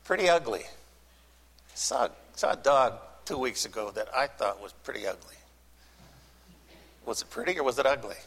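Bright-voiced preacher in an echoing hall. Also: male voice, mid-range voice, lively intonation, vocal fry, husky. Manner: folksy, joking, with long pauses. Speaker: pastor. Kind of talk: sermon. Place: church sanctuary. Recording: church hall reverb.

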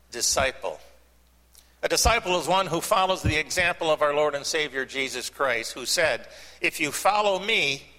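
Man preaching, bright voice, fairly high pitch, folksy jokes, long church-hall echo. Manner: folksy, joking, with long pauses. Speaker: pastor. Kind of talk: sermon. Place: church sanctuary.

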